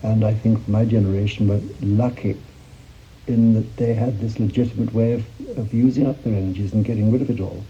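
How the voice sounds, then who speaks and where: A man's voice: fairly low pitch, steady tone, fairly quick, a little hiss or hum. A man speaking earnestly and thoughtfully in an interview, heard on a dull lo-fi recording. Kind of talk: reflective interview talk.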